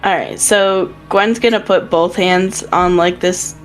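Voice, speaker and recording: A woman's voice: on the low side, fairly even intonation, measured pace, faint music behind. Chatty woman playing a tabletop game. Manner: chatty, many filler likes. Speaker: player. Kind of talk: casual tabletop play.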